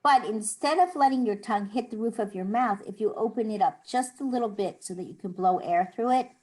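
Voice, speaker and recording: A woman's voice: on the high side, fairly quick, a little mellow, low-quality recording. A middle-aged American woman teaching a Hebrew class, patiently explaining and demonstrating sounds. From United States. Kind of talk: online class lesson.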